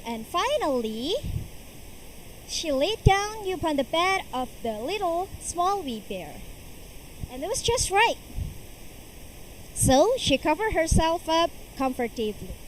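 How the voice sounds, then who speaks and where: A young woman tells a fairy tale in a slow, carefully shaped storyteller's voice. Her pitch sits high and swings widely from phrase to phrase. Faint noise hums beneath her. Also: rough recording. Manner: slow, expressive storyteller's delivery. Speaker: storytelling contestant. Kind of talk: storytelling performance. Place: school competition hall.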